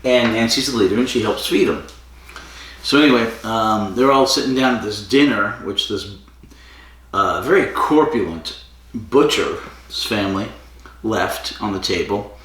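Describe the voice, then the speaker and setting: A man's voice: on the low side, unhurried, a bit bright. Man recapping in a very echoey room. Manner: digressive, self-correcting storyteller. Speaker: podcast host. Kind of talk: casual episode recap. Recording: very echoey room, far from mic.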